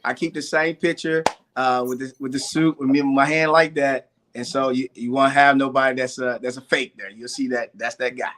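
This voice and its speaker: A man's voice: mid-range voice, level tone, moderate pace, fairly bright tone. A middle-aged man, a guest entrepreneur, telling his life story earnestly in a live interview, repeating phrases and stacking up lists of hardships.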